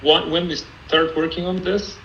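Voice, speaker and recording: A man calmly answering technical questions as a guest in an online Q&A, explaining step by step. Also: on the high side, normal speed, vocal fry, highs cut off, slight background noise. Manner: calm, explanatory, some restarts. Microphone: video call.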